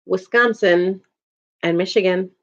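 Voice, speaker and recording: A livestream host in her thirties, from the Chicago area in the USA, talks with her viewers at a measured pace and laughs frequently. Her voice is on the low side with a fairly bright tone, and the home audio sounds dull and lo-fi.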